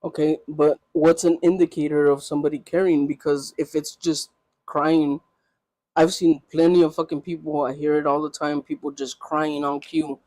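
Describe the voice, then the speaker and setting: A man's voice: a little high, level tone, normal speed, a little mellow, no echo. A man as a podcast guest, talking bluntly in casual chat and pushing back with questions.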